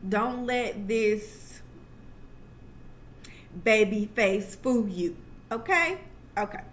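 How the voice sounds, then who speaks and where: A woman's voice: mid-range voice, animated, extremely slow, slight background noise. A young adult woman telling a personal story to camera in a casual, chatty way, full of asides and restarts. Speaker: vlogger.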